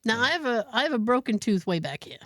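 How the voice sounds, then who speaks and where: A woman podcast host telling a story in casual chat, animated, profane and self-mocking. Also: a little high, quick pace, no room sound, clean studio sound.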